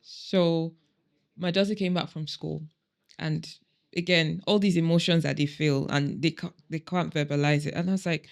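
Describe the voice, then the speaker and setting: A woman in her forties hosting a podcast, retelling a moment with her daughter in an animated, chatty way. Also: on the low side, normal speed. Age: 40s. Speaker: podcast host. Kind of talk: casual conversation.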